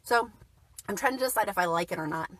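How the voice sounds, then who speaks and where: A woman's voice: medium pitch, animated, fast, fairly bright tone, dry recording. A woman talking casually and cheerfully on a livestream, chatting about her day and reading out viewer comments. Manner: chatty, upbeat, reads viewer comments aloud. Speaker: keto vlogger.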